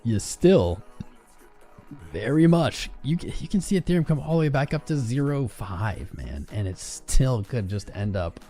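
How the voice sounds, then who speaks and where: A man's voice: medium pitch, a little mellow. A man hosting a casual crypto trading livestream, laid-back and greeting viewers in chat by name.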